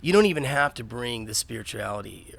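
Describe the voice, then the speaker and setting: A man's voice: medium pitch, expressive, a little fast, vocal fry, fairly bright tone. A middle-aged man from the Texas panhandle, a podcast guest talking earnestly and emphatically, often restarting his sentences. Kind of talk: casual interview chat.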